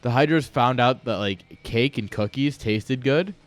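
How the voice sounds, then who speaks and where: A man's voice: medium pitch, a little slow, soft background music. A man casually commentating a live video game match, ranting and joking while chatting with viewers. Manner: rambling, ranting, jokey, chats with viewers. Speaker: esports caster and streamer.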